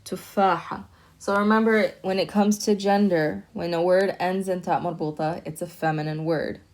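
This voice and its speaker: A woman teaching an online language lesson, talking patiently, repeating words slowly and checking in with "okay?". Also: on the low side, steady tone, darkish tone. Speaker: Arabic teacher.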